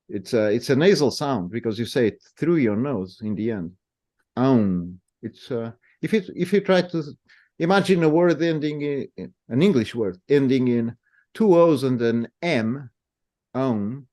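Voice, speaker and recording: A man with a Portuguese accent, a native speaker of Portuguese, explains pronunciation in English. His voice is warm and mellow at an average pitch. He talks patiently and slows down to sound words out. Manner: patient, demonstrates sounds slowly. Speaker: language guest explaining pronunciation. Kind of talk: explanatory conversation.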